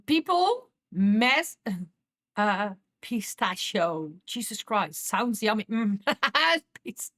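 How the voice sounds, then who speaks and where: A woman's voice: mid-range voice, animated, slow pace, a bit bright. A woman with a Dutch accent chatting casually with viewers on a live stream, laughing often and repeating herself as she talks.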